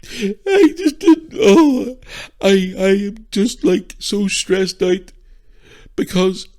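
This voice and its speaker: A man mimicking a whiny, self-pitying young woman in a mocking, sobbing falsetto. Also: sing-song, drawn-out words, darkish tone, exaggerated voice. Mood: whimpering.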